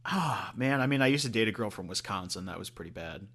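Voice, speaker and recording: A man chatting casually as a podcast co-host. His voice is low-pitched and bright. He rambles, swears freely and fills his talk with ums and you-knows. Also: expressive, fast talker. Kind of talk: casual chat.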